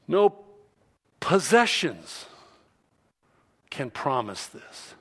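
Slow emphatic preacher man. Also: sing-song. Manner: emphatic, rises to loud stressed phrases then drops low and quiet; slow, deliberate delivery with repeated phrases. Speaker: pastor. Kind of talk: sermon.

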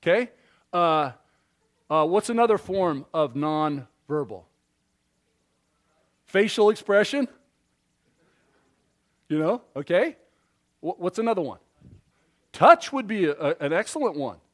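Animated high-voiced male preacher. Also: slow, pauses often. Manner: animated, interactive with congregation, acts out voices. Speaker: pastor. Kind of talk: sermon.

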